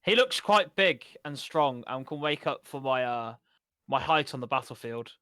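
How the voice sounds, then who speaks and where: Bright-voiced man playing a dwarf. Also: medium pitch, lively intonation, normal speed, dry recording, studio quality. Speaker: player. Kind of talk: casual in-character play.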